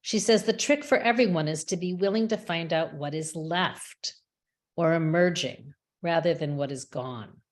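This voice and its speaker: A woman giving a measured, reflective prepared talk as a webinar speaker, with small restarts now and then. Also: low voice. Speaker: rabbi and chaplain speaker. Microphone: webinar microphone.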